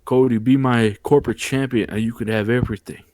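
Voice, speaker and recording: A man's voice: fairly even intonation, fairly quick, a little mellow, lightly acted. A man doing a playful impression of a boastful male wrestling superstar who keeps repeating the name of the person he is talking to. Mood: menacing. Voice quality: booming, repeats the listener's name.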